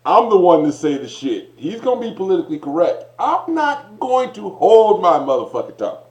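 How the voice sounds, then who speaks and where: Guy doing his crude unfiltered side, cussing, bouncy pitch, echoey dull audio. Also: very animated, a little fast, a little mellow. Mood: mocking. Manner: crude, insulting, swearing. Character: man's blunt unfiltered inner voice, profane.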